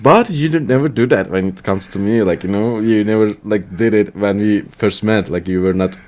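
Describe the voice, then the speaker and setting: A man from Turkey co-hosting a casual podcast, rambling with lots of filler words and gently teasing his partner. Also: fairly low pitch, moderate pace. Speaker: podcast co-host. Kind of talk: casual chat.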